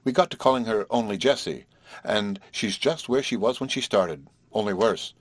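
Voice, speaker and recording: A man reading the part of a flippant, teasing young woman in an audiobook, with a husky voice and brash, drawn-out banter. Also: on the low side, no room sound, close to an everyday voice.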